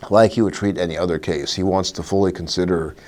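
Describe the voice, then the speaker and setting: Low-voiced wry male legal commentator. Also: fast talker. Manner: wry, animated, with short laughs and fillers. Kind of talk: solo video commentary.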